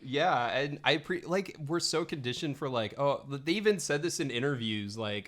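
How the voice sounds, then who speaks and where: A man's voice: medium pitch, animated, moderate pace, few pauses, a bit bright. A man co-hosting a podcast, chatting animatedly about films, laughing often and filling his talk with "like". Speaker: podcast co-host. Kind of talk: casual film-discussion chat.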